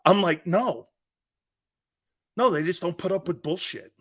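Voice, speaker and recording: A middle-aged man hosting a sports talk show, telling loud, swearing stories and acting out other people's voices. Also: high voice, measured pace, husky. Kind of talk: animated opinion monologue.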